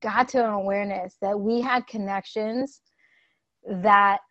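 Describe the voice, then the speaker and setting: A woman's voice: mid-range voice, fairly even intonation, measured pace, fairly bright tone, no room sound, muffled recording. A woman money coach hosting an interview, gushing, tearful at times and swearing casually. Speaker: money coach and podcast host. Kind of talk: emotional conversational interview.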